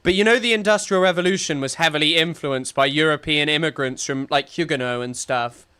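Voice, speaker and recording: A man's voice: a little high, a little fast, bright, forceful tone, smooth. A young man, rambling and sarcastic in casual live-stream commentary, full of restarts and fillers. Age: young adult.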